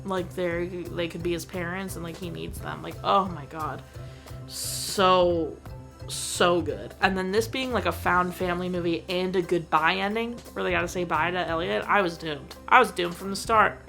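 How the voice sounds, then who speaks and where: A woman's voice: lowish voice, moderate pace, gravelly, a bit bright, faint music behind. A young woman reviewing a movie in a casual, gushing and emotional way, with lots of "like" fillers.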